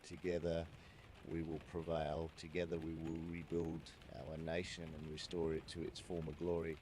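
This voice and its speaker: A man's voice: very deep voice, completely flat delivery, normal speed, noisy background. A man playing a stern male prime minister giving a solemn, formal wartime address. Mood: grave. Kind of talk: mock political speech.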